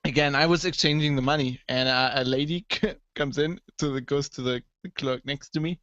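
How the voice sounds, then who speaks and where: Man, casual podcast co-host, lively anecdotes, dry lo-fi sound. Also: a little high, moderate pace, dry recording. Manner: animated storyteller, acts out quoted people, swears. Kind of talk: casual tech podcast chat.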